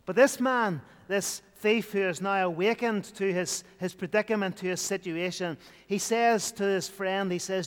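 A man's voice: sits high, steady tone, normal speed, hardly any pauses, smooth, in a large hall. A man preaching an evening sermon in an earnest, repetitive style, building emphasis as he goes.

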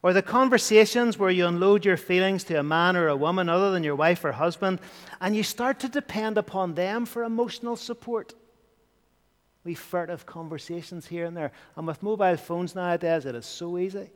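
A man preaching a sermon, his voice sitting a little higher than most. He is earnest and now and then sinks to a hush to press a point. A long reverb trails after his words. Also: fairly quick. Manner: earnest preaching, dropping to hushed tones for emphasis.

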